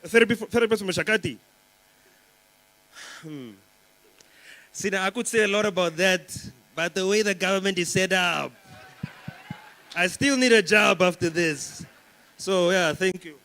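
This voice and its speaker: A man's voice: high voice, normal speed, long pauses, pushed and bright, low-quality recording. Young man doing stand-up. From Namibia. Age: young adult. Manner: chatty, rambling, teasing the crowd with lots of fillers. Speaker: stand-up comedian. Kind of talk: stand-up comedy set. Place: conference stage before a live audience.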